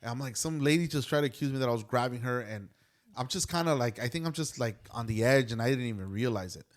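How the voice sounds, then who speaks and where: A man's voice: medium pitch, quick pace. A young adult man on a podcast, casually telling a story about a day at work and acting out each quoted exchange. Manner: animated retelling, acts out quoted dialogue. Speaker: podcast co-host.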